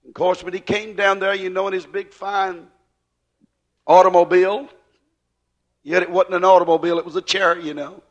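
A man preaching a sermon, folksy and storytelling, now and then rising to shouts. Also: high voice, little pitch movement, moderate pace, long pauses, highs cut off.

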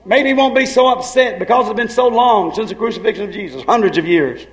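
A man preaching a sermon with fervor, dropping to hushed lines and then rising to shouts. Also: sits high, fast, rough recording.

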